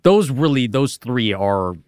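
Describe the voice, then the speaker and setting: A man's voice: medium pitch, animated, a little slow, a little mellow, clear, resonant tone, dry recording, clean studio sound. A man talking as a podcast guest, hesitant and stammering as he thinks aloud. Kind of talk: casual podcast chat.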